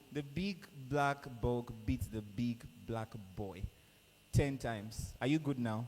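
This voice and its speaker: In a conference hall, a man with a Nigerian accent hosts a live event, lively as he coaxes the crowd and players and runs games. His voice is medium-pitched and his pace slow. The hall is echoey, with faint background noise.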